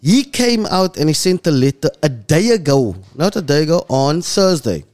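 A man's voice: big pitch swings, moderate pace. Impassioned South African man. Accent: South African English. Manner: impassioned, voice drops low and soft when moved. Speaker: host. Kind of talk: emotional commentary monologue.

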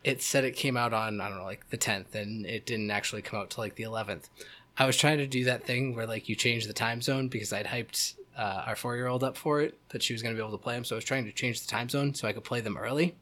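A man's voice: mid-range voice, fairly even intonation, fast, pushed and bright. A man in his thirties co-hosting a casual gaming podcast, rambling and joking with many restarts. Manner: rambling, self-correcting, joking. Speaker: podcast co-host. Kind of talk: casual chat.

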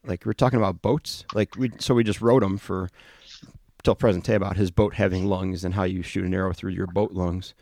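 A man hosts a casual podcast chat, rambling through a story with fillers and restarts. His voice is low and gravelly, picked up dry and close with no room sound. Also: fairly even intonation, brisk, a little mellow, no room sound. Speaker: podcast host, firefighter and lieutenant.

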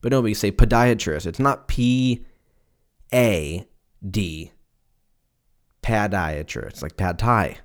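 A man's voice: on the low side, lively intonation, slow. A man in his twenties from Southern California, hosting a casual solo podcast and rambling, joking and swearing freely. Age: 20s. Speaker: podcast host.

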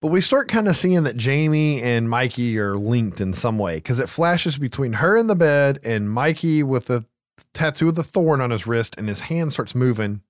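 A man's voice: medium pitch, animated, moderate pace, no echo, clean studio sound. A man co-hosting a podcast, casually recapping a film, laughing often and swearing freely. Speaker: podcast co-host. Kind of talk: casual movie recap chat.

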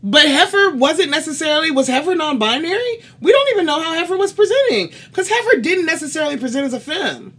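A podcast co-host in their thirties in casual chat, animated, joking and swearing freely. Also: sits high, fast, few pauses.

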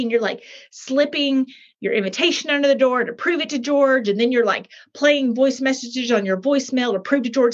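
A woman's voice: high voice, lively intonation, a little slow, fairly bright tone. Chatty, emphatic woman author, lo-fi sound. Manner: chatty, emphatic, acts out little scenes. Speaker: author and coach. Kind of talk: animated talk explaining a method.

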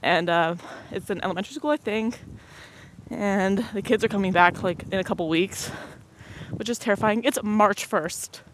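A woman's voice: medium pitch, moderate pace. A young woman hosting a solo podcast. She has a cold, is out of breath while walking outside, and rambles in a joking, self-deprecating way. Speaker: podcast host. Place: outdoors on a windy street while walking. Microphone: headset mic on headphones. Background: passing cars and wind.

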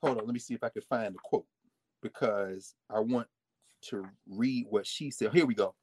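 A man giving a lively history lecture with folksy asides, swinging his volume up and down. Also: fairly low pitch, normal speed, breathy edge, dry recording. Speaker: history teacher. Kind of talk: lively history lecture with read-aloud quotes.

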